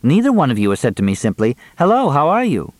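A man's voice: fairly low pitch, huge pitch swings, very fast, mellow, dry recording, voice pushed up. A man voicing a guarded young man who answers in a dry, polite manner.

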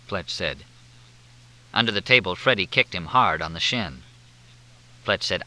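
A man narrating a novel in a crisp, lively reading. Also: low voice, moderate pace, low-quality recording. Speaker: audiobook narrator. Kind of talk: scripted narration.

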